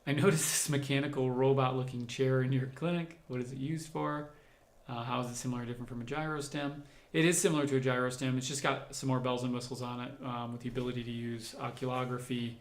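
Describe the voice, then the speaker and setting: A doctor hosting a livestream Q&A reads viewers' comments and responds in a relaxed, explanatory way, working through his answers out loud. His voice is medium-pitched and steady, he talks fast, and the sound is reverberant.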